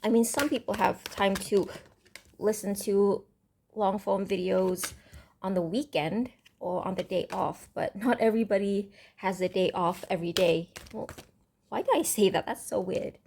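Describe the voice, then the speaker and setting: A woman giving a casual, rambling tarot reading to camera, thinking aloud with many pauses and ums. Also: medium pitch, steady tone, gravelly, a little mellow, slight background noise. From Indonesia. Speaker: tarot reader. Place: home room with construction noise next door.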